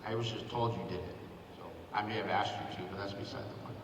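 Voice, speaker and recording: A man in his fifties gives a sentimental acceptance speech, thanking people by name at a school ceremony. His voice sits a little low and reaches the mic from a distance. The gym adds a long, roomy echo and a steady background noise. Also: fast talker. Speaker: hall of fame honoree, former athletic director. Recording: echoey gym, picked up from far off, noisy.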